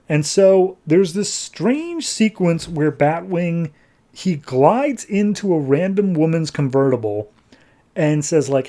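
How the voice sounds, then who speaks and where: A man hosting a comics podcast, recapping an issue in a breezy, sarcastic way and slipping into quick character voices. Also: a little high, expressive, dark tone. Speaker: podcast host, comics reviewer. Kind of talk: casual comic-book recap.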